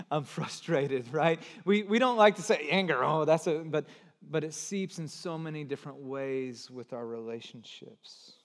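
A man in his forties delivers a sermon in a high, unhurried voice. He drops to near whispers, then builds to loud, emphatic runs. His words ring out with a long reverb off a large hall. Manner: animated, swings from hushed to loud emphatic. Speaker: pastor.

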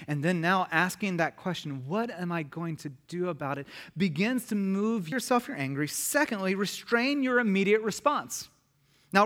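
A pastor preaching a sermon, listing points and then dropping to a quiet, emphatic voice. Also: male voice, high voice.

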